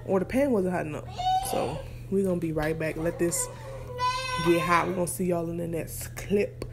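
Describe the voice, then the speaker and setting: A young mother talks her viewers through breakfast in her home kitchen. Her delivery is relaxed and chatty, with plenty of pauses and fillers as she cooks. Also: lowish voice, over music. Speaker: vlogger and mother. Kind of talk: casual cooking vlog chat.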